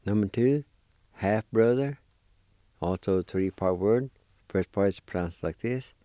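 A man's voice: fairly low pitch, measured pace, pauses often, dark tone, no echo, studio quality. A man teaching a language lesson, patiently spelling and sounding out words syllable by syllable and encouraging his listeners.

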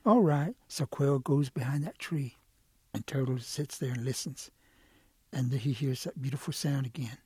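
A man telling a folk tale aloud in an unhurried, lively way. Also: medium pitch, slight background noise. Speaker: storyteller. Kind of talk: oral folk storytelling.

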